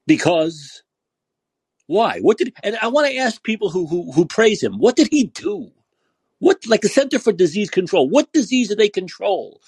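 A man hosting a podcast, delivering an angry, profane political rant full of repeated rhetorical questions and yelling. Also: high voice, very animated, moderate pace, breathy edge, dry recording. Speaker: podcast host.

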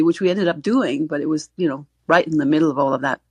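Middle-aged woman co-host, husky and low, dry close sound, earnest explainer. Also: fast talker, darkish tone, no room sound. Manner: earnest, explanatory, repeats words when starting. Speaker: co-host, gender expert. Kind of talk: casual panel discussion. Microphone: online audio call.

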